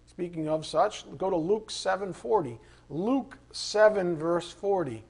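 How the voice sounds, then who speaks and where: A man with a high voice teaches a Bible study. He reads the passages aloud in an earnest tone, then breaks off into casual, conversational asides to the group. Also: lively intonation, a little slow, a little mellow, husky.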